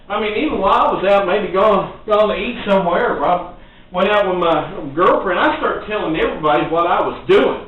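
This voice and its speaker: A man's voice: high voice, a little fast. Folksy man in an echoey room. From Western Kentucky. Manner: folksy and rambling, laughing often. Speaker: sales trainer. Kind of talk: motivational talk. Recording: echoey, distant, tinny phone-like audio with faint noise.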